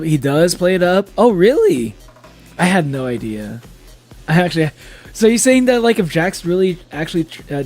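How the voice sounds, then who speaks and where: A man's voice: fairly high pitch, a little mellow. A man streaming live in casual chat, a little tipsy from drinking, who laughs often and swears freely.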